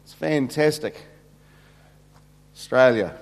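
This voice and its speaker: A man's voice: mid-range voice, takes it slowly. A middle-aged man, a senior pastor telling funny stories in a sermon with many fillers. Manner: humorous, anecdotal, many fillers. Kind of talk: sermon storytelling. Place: church hall. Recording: long hall reverb.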